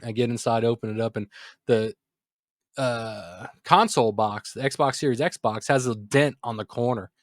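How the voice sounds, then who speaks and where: A man's voice: mid-range voice, moderate pace, dry recording. Podcast co-host, male, thirties, irritated storyteller, dry close-mic sound. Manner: exasperated, animated storytelling. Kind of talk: casual ranting story.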